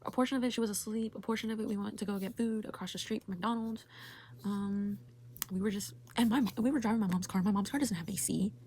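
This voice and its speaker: A woman's voice: mid-range voice, fairly even intonation, quick pace, darkish tone, a little hiss or hum. Exasperated young woman ranting, filler-heavy. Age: young adult. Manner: exasperated, heavy use of "like", swearing. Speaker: vlogger. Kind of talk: casual storytelling rant.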